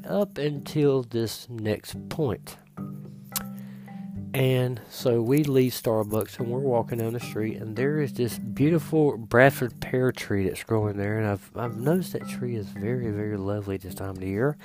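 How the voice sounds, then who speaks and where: A man telling a comic story in an animated way, stammering as he retells it. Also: mid-range voice, unhurried. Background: music.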